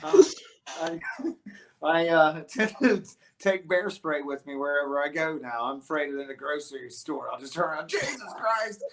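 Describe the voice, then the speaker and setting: Excited American musician telling a story. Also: male voice, on the high side, moderate pace, noisy background. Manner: animated storyteller, many restarts and fillers. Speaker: guest musician. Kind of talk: casual interview storytelling.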